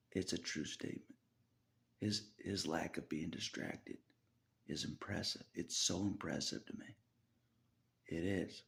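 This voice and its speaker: A man's voice: sits low, gravelly, fairly bright tone. A man talking through a rambling personal monologue, chuckling often and dropping into half-whispered asides. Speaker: vlogger.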